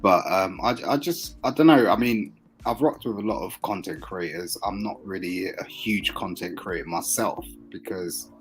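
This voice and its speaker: A man's voice: deep voice, normal speed, faint music behind, low-quality recording. A man joining a casual online chat as a guest, talking loosely and laughing often. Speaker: guest caller.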